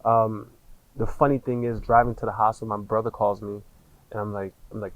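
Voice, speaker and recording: A man in his thirties, a podcast guest, telling a personal story candidly, in casual slang with frequent swearing and halting restarts. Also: fairly low pitch, level tone, low-quality recording.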